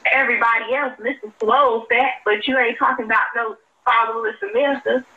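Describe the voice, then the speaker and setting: A woman's voice: fairly high pitch, steady tone, a little fast. Pointed, persistent woman caller. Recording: muffled clip with faint noise.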